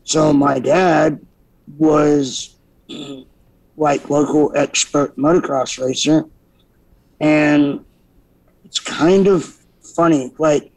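Gravelly-voiced man, easygoing guest. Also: on the high side, steady tone, very slow, long pauses, a little mellow, no echo, low-quality recording. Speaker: podcast guest. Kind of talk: casual interview chat.

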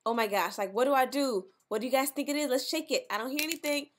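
A young woman commenting on her gameplay in an excitable, dramatic, chatty way, with faint music behind her. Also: high voice, quick pace. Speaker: gaming YouTuber.

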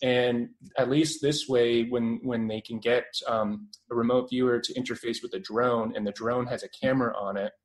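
A man's voice: mid-range voice, fairly even intonation, moderate pace, few pauses, low-quality recording. Young Canadian man, rambling with fillers. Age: 20s. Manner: rambling, many fillers and restarts. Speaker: guest. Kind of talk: casual radio interview.

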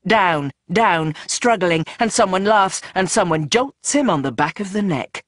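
An audiobook narrator reads with tense drama, rushing through action and slowing into dread. The voice is mid-pitched and the recording is dry and close. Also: expressive, fairly bright tone, no room sound. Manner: tense, dramatic, shifting pace. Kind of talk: scripted narration.

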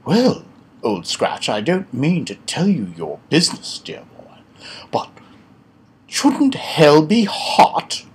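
A man's voice: on the high side, huge pitch swings, slow, breathy edge, voice pushed up, heavily acted. A man putting on a pompous, fussy wine snob.

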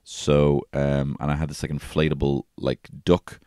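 A thirtysomething man hosts a podcast alone, rambling and cursing through everyday life stories with many restarts. He speaks unhurriedly in a very deep, monotone voice with a dark, smooth tone, and the studio sound is clean with no room echo.

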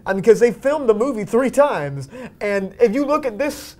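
Young male co-host, high voice, rambling casual chat full of "uh" and "like". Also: lively intonation, normal speed, darkish tone. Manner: rambling, filler-heavy. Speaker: podcast co-host.

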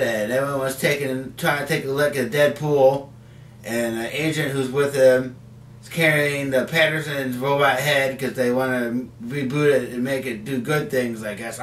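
A man's voice: mid-range voice, fairly even intonation, measured pace, fairly bright tone. Man comic vlogger, rambling and filler-heavy, set back from the mic in an echoey basement. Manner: rambling, many fillers and restarts. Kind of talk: casual comic review vlog. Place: home basement. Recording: roomy, mic at a distance.

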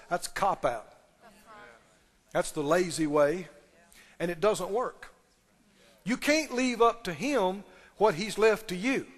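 High-voiced man preaching in a reverberant hall. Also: lively intonation, takes it slowly, pauses often. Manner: emphatic, repeating key phrases and questioning the audience. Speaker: pastor. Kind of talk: sermon.

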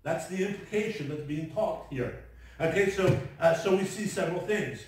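A man's voice: high voice, moderate pace, a little mellow. A man preaching a sermon as pastor, earnest, with frequent restarts and asides. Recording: very echoey room, voice from far off.

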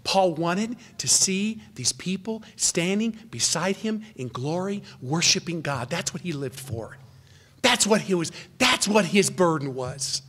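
A man preaching an expository sermon as pastor, earnest, his voice rising in pitch and volume for emphasis and then dropping low and quiet, now and then correcting himself. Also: lively intonation, measured pace.

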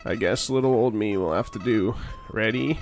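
Flowey, a man doing a monotone flower. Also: lowish voice, normal speed, faint music behind, close to an everyday voice. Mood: smug. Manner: flat monotone delivery. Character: smug male talking flower, fake-friendly. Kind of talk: game dialogue read aloud on a stream.

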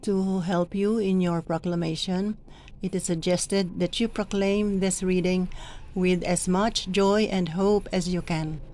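A middle-aged woman training church lectors, explaining how to proclaim the readings in a slow, deliberate way and stretching the words she stresses. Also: on the low side, fairly even intonation, a little mellow, a little hiss or hum. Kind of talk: instructional reading guide.

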